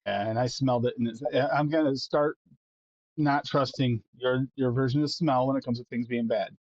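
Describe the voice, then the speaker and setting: A man's voice: mid-range voice, fairly even intonation, moderate pace, no room sound. Easygoing man host, rambling chatty delivery, dry and slightly dull audio. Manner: rambling, easygoing, full of fillers. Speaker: show host. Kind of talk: casual live-stream chat.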